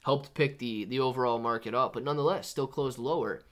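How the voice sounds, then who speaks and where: A man's voice: medium pitch, a little fast. Casual man hosting a live stream. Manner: casual, reads chat names and shout-outs, says man and dude a lot. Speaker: livestream host. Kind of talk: live market stream chat.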